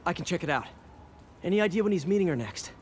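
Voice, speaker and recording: A man's voice: high-pitched, animated, slight background noise. An actor playing a young masked superhero who jokes as he works, in a video game. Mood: focused. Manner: quick, wisecracking. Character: young male masked superhero, joking and upbeat. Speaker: game character. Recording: game audio under loud music.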